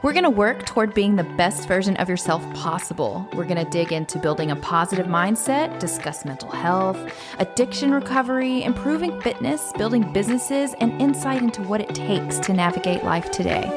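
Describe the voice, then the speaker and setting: A woman's voice: medium pitch, lively intonation, brisk, music in the background. A woman, co-hosting a podcast and reading its intro. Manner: brief, agreeable replies. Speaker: podcast co-host. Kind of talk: podcast intro and casual chat.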